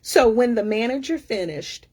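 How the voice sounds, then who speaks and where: A middle-aged woman coach telling a story in a casual, animated, sassy way. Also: fairly high pitch, moderate pace, husky. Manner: animated, sassy, acts out other people's lines. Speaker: career coach.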